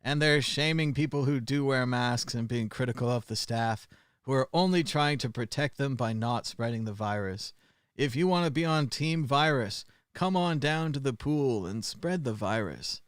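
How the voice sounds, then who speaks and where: A man's voice: medium pitch, moderate pace, smooth, no echo, studio quality. A man hosting a casual news commentary livestream, chatty and sarcastic, with lots of filler sounds. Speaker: show host.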